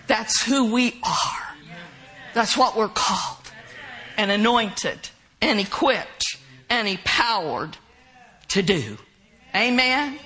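Woman preacher, high and bright, unhurried and emphatic. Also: husky, low-quality recording. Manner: emphatic, drawn-out preaching cadence. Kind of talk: sermon.

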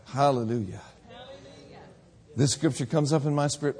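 A man preaching a sermon, telling stories and then building to shouted calls to the congregation. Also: a little high, a little slow, pauses often. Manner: storytelling, rising to shouted exhortation.

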